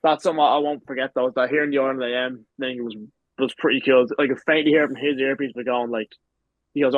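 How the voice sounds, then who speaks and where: Fast-talking young Irish man. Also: medium pitch, fairly even intonation, dry recording, phone-quality sound. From Ireland. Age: 20s. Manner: rambling storyteller, swears freely. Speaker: guest, pro wrestler. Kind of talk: casual podcast chat.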